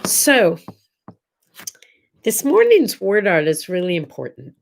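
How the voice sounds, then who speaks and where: Slow, chatty woman hosting a home vlog. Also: lowish voice, wildly swooping pitch, creaky, slight background noise. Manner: chatty, encouraging, asks viewers questions. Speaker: host. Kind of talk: casual morning vlog talk. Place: home room at a desk.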